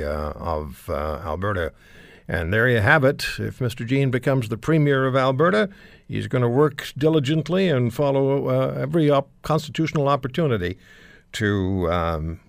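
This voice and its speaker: A man's voice: mid-range voice, gravelly, no echo. A man hosting a political talk show, blunt and prone to thinking aloud with fillers. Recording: dry studio sound.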